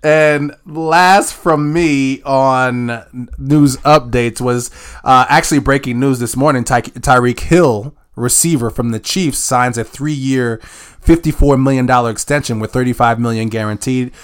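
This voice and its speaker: A man's voice: medium pitch, clean tone. Easygoing man co-hosting a sports podcast. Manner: easygoing, chatty, quick to laugh. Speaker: podcast co-host. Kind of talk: casual sports podcast chat.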